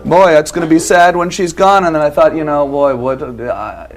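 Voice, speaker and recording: A man's voice: fairly high pitch, a little fast. A Canadian man hosting a talk show who rambles and hesitates, with lots of fillers, in casual banter.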